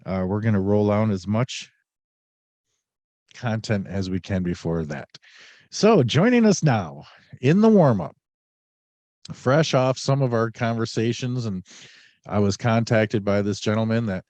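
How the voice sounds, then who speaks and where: A man's voice: fairly low pitch, lively intonation, unhurried, long pauses, darkish tone, no room sound. A man hosting a podcast in casual chat, a little under the weather, rambling and joking with many fillers. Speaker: podcast host.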